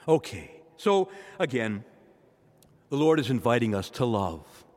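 A man's voice: medium pitch, sing-song, a little slow, darkish tone, big-room sound. A man, a priest, preaching a sermon and speaking directly to his congregation in church.

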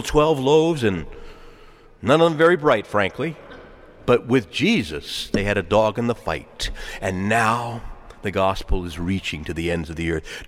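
A male priest giving a sermon, talking with animated swings in pitch and volume, adding asides and small laughs. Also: unhurried. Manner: animated preaching with wide swings, chuckles and asides. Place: large church. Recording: long church reverb.

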